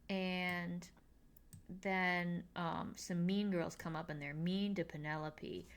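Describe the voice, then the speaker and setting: A young woman casually recapping a TV episode with dry sarcasm, tossing off quick mock quotes of the characters. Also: on the low side, fairly even intonation, a little hiss or hum. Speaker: podcast host recapping a TV episode.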